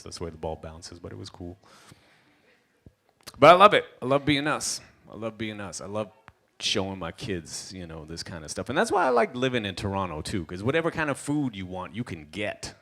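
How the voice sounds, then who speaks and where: A man from Trinidad with a Trinidadian accent, performing a stand-up comedy set on a gala stage and acting out the characters in his stories. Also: sits low. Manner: animated storyteller acting out characters. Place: stage at an indoor gala event.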